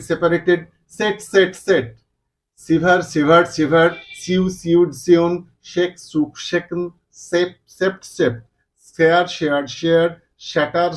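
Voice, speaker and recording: A man teaching English, slowly reciting verb forms one word at a time for beginners. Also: a little high. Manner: slow, deliberate recitation of single words.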